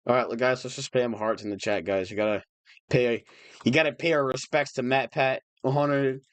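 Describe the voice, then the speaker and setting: A man's voice: medium pitch, fairly even intonation, moderate pace, no room sound. A young man chatting on a livestream, emotional and rambling, restarting his sentences often. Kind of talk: casual livestream chat.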